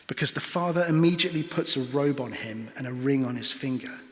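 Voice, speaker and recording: A man's voice: mid-range voice, brisk. Man preaching a sermon in a reverberant church. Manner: earnest storytelling, poses rhetorical questions.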